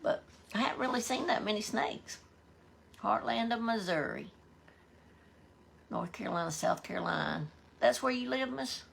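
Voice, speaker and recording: A woman's voice: a little high, expressive, moderate pace, creaky, pauses often, slight background noise. A woman with a Southern US accent, hosting a live stream and chatting folksily, greeting viewers by name as she reads their comments. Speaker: livestream host.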